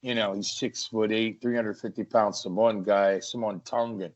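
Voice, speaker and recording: A man, a wrestler, telling stories from the ring as a guest in an energetic, animated way. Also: lowish voice, moderate pace. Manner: energetic, acts out ring action. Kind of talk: animated storytelling. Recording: lo-fi muffled audio.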